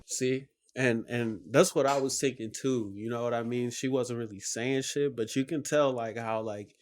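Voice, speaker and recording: A man hosting a reaction video, talking casually and rambling with lots of fillers. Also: medium pitch. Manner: rambling, full of "like" and "you know". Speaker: reaction channel host.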